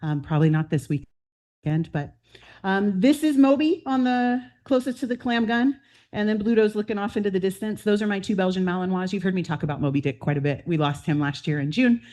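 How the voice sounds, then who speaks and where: A woman in her fifties, president-elect of a club, talking casually and warmly through family photos at a meeting, with frequent "um"s. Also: medium pitch, fairly quick. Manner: chatty and heartfelt, with fillers and laughs. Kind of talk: personal slideshow talk to a club meeting. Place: meeting room.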